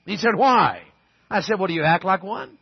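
A man's voice: sits high, lively intonation, moderate pace, gravelly, husky, highs cut off. A middle-aged man preaching a sermon as pastor, telling folksy stories and pressing his points emphatically. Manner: folksy storytelling, emphatic exhortation.

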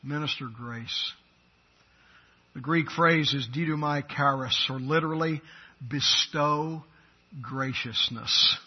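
A man preaching a sermon as pastor, swinging from loud, emphatic declarations to quiet, intimate asides. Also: fairly high pitch, slow, long pauses, breathy edge, highs cut off.

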